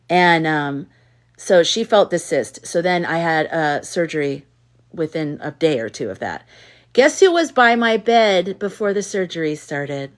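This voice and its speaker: Woman host, lowish voice, casual livestream chat, candid and outspoken storyteller. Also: expressive, a little slow. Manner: candid storyteller who reads chat comments aloud; outspoken and exasperated in anecdotes. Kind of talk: casual live chat with viewers.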